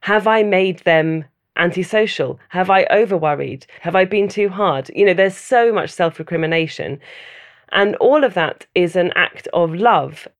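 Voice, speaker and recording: A woman giving a thoughtful, measured personal account in an interview, often listing things in runs. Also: on the low side. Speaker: mother interviewed about loneliness.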